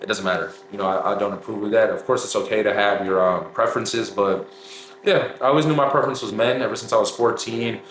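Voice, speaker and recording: A man's voice: fairly low pitch, fairly even intonation, fast. Chatty young man, echoey room. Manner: chatty, addresses viewers as y'all. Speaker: vlogger. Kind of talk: casual storytime. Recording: echoey room with faint noise.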